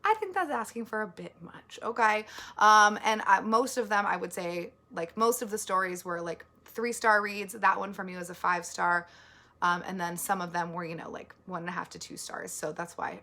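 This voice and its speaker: Talking at a normal speed in a sharp-toned, medium-pitched voice, a female book vlogger goes over what she read this month. Her casual chat is rambling and filler-heavy, full of likes and ums, and she's earnest and easily moved.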